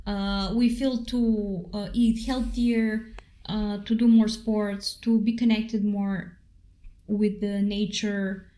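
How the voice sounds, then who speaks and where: A woman's voice: mid-range voice, flat delivery, takes it slowly, mellow. A woman co-hosting a casual spiritual talk, speaking unhurriedly with many fillers. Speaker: co-host.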